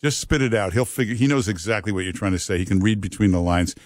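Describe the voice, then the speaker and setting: Low-voiced talk radio host. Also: male voice, fast talker, dry recording, clean studio sound. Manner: emphatic, repetitive.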